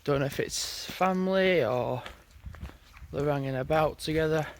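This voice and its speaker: A man's voice: fairly high pitch, measured pace, a little hiss or hum. A man chatting casually in a rambling way as he walks his dogs outdoors for his vlog. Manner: rambling, chatty, thinking aloud. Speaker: vlogger. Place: outdoors on a country road, walking dogs.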